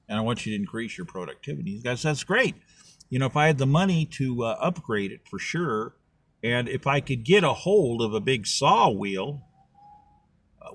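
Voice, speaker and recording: A man's voice: medium pitch, slightly rough, no room sound. A man telling a rambling, folksy story in a casual monologue, acting out both sides of imagined conversations. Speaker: political candidate.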